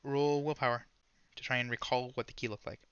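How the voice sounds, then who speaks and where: A man narrating as game master of a tabletop game, casual and halting with fillers. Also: medium pitch, fairly even intonation, a bit bright, clear, resonant tone, no echo, muffled recording.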